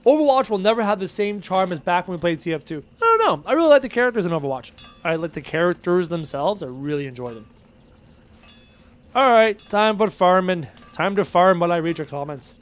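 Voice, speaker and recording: A man's voice: high-pitched, very animated, a little fast, faint music behind. A man streaming a game live, chatting and muttering to himself as he plays and reads chat aloud. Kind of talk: live gameplay commentary, reading chat aloud.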